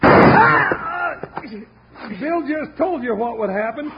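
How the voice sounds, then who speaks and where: A man with a high, raspy voice playing a jovial, excitable sidekick in 1950s radio acting, on a lo-fi transcription. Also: slow pace, heavy background noise, full character voice. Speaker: comic sidekick Jingles.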